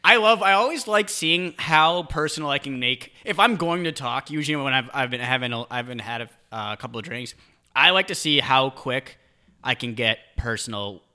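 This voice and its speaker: A man's voice: mid-range voice, normal speed, pushed and bright. A young man co-hosting a podcast, rambling through crude stories and tripping over his words. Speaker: podcast co-host. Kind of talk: casual chat.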